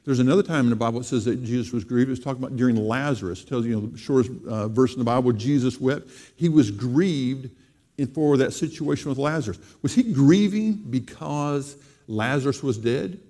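A man delivering a sermon in a mellow, relaxed voice at a middle pitch. He drives his points home by repeating phrases and slowing down to lean on the key lines. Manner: emphatic, repeating phrases with slow stressed delivery. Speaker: preacher.

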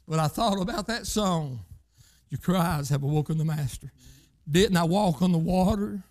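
A man with a drawl delivers a sermon in a high, light voice. He preaches fervently, punctuating lines with repeated interjections. His delivery leaps from shouting to near-murmured phrases. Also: moderate pace. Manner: fervent, repeated "hey" interjections, swings between loud shouts and low quiet lines.

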